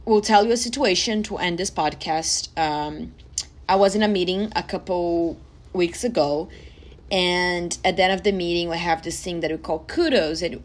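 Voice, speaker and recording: A woman, hosting a personal podcast and speaking earnestly and emotionally to her listeners. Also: fairly low pitch. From Brazil. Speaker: podcast host.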